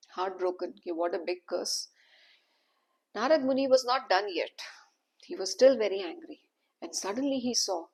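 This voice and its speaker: Woman storyteller, husky and gravelly, dramatic devotional narration. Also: medium pitch, darkish tone. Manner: dramatic, emphatic retelling.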